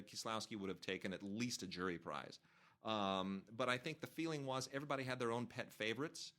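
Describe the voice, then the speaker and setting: Animated male podcast host telling stories. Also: on the low side. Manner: animated, acts out quotes with restarts. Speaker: podcast host, film critic. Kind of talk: casual storytelling chat.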